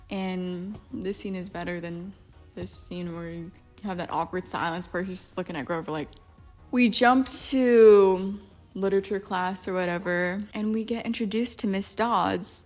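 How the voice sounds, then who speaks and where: A young adult woman giving casual film commentary in a profane, sarcastic, animated way. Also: mid-range voice. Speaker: YouTube commentator.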